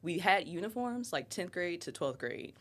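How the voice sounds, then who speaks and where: A woman's voice: on the low side, expressive, moderate pace. Chatty laughing woman from Ohio. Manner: chatty, laughs often, lots of "like". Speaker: guest. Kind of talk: casual chat.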